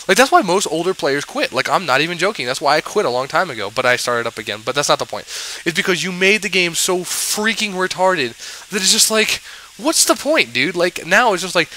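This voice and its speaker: A man's voice: fairly high pitch, animated, brisk, sharp tone, slight background noise, low-quality recording. A man in a casual, exasperated rant about a card game, sarcastic and rambling, full of fillers and restarts. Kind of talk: ranting commentary.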